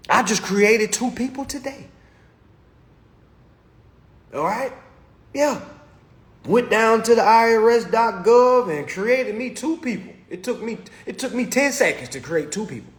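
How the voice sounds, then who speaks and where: A man delivering an animated motivational rant to his followers, preachy and repetitive, constantly checking in with his listeners. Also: sits high, roomy sound. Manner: preachy, keeps checking in with "all right?". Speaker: social media host.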